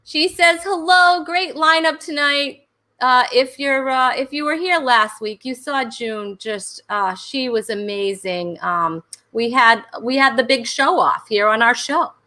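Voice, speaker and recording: A woman's voice: a little high, measured pace, few pauses, sharp tone. A woman hosting a comedy talk show over a video call, chatting in a rambling way full of fillers and laughs. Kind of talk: casual livestream chat.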